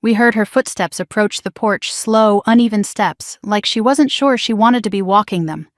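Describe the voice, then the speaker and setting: Hushed woman narrating a drama story. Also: medium pitch, normal speed, dry recording, studio quality.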